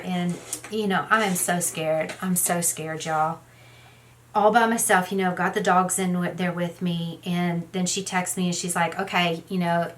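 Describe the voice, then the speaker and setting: A middle-aged woman tells a story in a casual, rambling way while doing her makeup, with many "you know" fillers. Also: lowish voice. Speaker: beauty vlogger.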